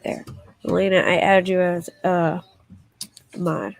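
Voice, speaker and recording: A woman's voice: on the low side, level tone, takes it slowly, creaky. A woman hosting a casual livestream, chatting in a rambling way and reading viewer comments aloud. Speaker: livestream host.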